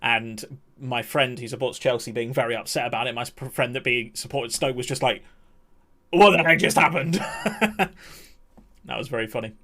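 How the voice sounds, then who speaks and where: A man's voice: mid-range voice, little pitch movement, brisk, bright, forceful tone. A young man, chatting casually on a live stream, laughing often and ranting in mock outrage.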